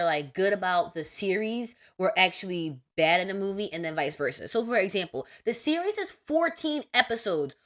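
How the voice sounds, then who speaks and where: A young adult woman hosting a podcast, giving a casual, emphatic monologue full of slang and big pitch swings. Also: a bit bright. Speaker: podcast host.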